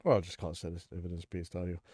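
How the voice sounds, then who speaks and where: Stuffy male host, low voice, blunt rambling commentary, dry close sound. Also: little pitch movement, racing, a little mellow, dry recording. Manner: blunt, rambling, many restarts. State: stuffy nose, clearing throat. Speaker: livestream host. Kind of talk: casual livestream commentary.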